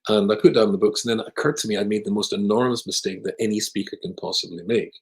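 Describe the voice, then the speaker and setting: A rabbi telling a humorous story with wry, self-deprecating jokes. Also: male voice, lowish voice, quick pace, low-quality recording. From Scotland. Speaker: rabbi, guest speaker.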